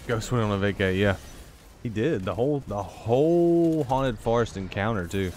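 A man's voice: on the low side, animated, moderate pace, darkish tone, a little hiss or hum. A tired man giving rambling, joking commentary to himself while playing a video game. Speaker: gaming YouTuber. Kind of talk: casual gameplay commentary.

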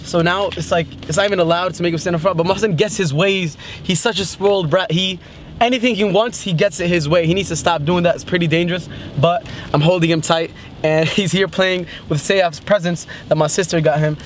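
A young man vlogging casually at a family party, joking and talking excitedly to the camera. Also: high voice, a little fast. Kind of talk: casual vlog chat. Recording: busy room with crowd noise. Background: crowd chatter.

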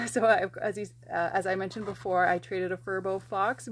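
A young woman from the United States hosting an unboxing vlog, gushing and excitable, with frequent restarts and gasps. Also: mid-range voice, unhurried, breathy edge. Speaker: plush collector and vlogger.

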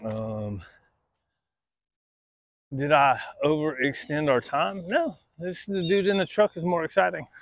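A man training his dog, praising it in high sing-song bursts and then dropping to quiet explanatory asides. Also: steady tone, measured pace, vocal fry, pauses often, no room sound.

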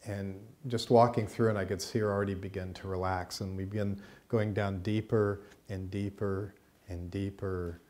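Low-voiced man telling a teaching story. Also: level tone, darkish tone. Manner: conversational, checks in with listeners, vivid and unhurried. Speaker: course teacher. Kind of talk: storytelling lecture. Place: college teaching room.

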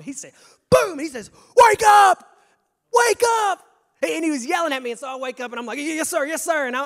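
A young man preaching a sermon, stammering on restarts and swinging from hushed to shouting. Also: high-pitched. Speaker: pastor. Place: church sanctuary. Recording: long church reverb.

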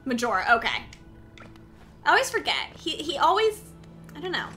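Woman streamer, silly and animated, high pitch, casual gaming chat. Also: moderate pace, soft background music. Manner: playful, silly, talks to chat.

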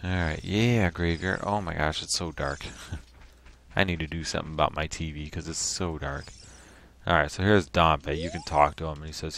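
Man, deep low voice, chatty game commentary, sudden excited yelps, faint background hiss. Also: moderate pace, pauses often. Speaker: host.

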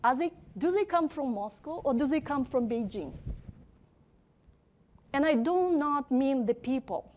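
A woman giving an academic lecture, speaking deliberately and emphatically, often posing rhetorical questions. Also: high-pitched, expressive, a little mellow.

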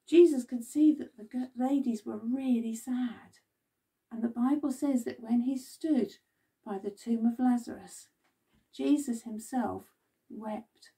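A woman's voice: fairly high pitch, a little slow, vocal fry, dark tone, breathy edge, far from the mic. A woman leading a children's Bible club, telling the story expressively and asking the children questions.

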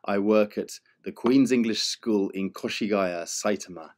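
A man's voice: on the low side, measured pace, a little mellow. A man who is an English teacher reading a story to children in a playful, exaggerated way.

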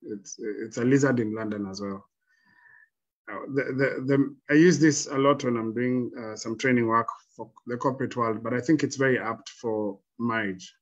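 A man speaking as a panel guest, giving reflective advice in a measured, halting way with frequent restarts. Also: medium pitch, dull audio.

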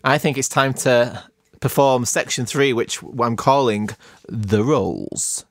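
A man's voice: medium pitch, slow pace, no echo. A man hosting a podcast, chatting in a playful, jokey way. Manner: playful, jokey, self-mocking. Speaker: podcast host. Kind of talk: casual chat.

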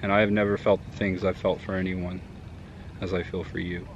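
A young man with a fairly low voice speaks earnestly and from the heart. He is outdoors, with a faint hum of traffic and open air behind him. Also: flat delivery, fairly quick, muffled recording. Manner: earnest and heartfelt, then playful. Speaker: boyfriend. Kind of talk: casual chat. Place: outdoors in a garden.

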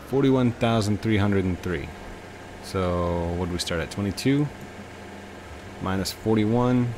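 A man offers casual, rambling commentary while playing a video game, chatting to himself and to the game. His voice sits on the low side with a darkish tone and a measured pace, and there's slight background noise.

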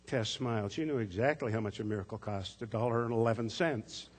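A man preaching a sermon as pastor, telling a story in a gentle, measured way. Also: lowish voice, breathy edge. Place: church sanctuary. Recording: echoey church sanctuary.

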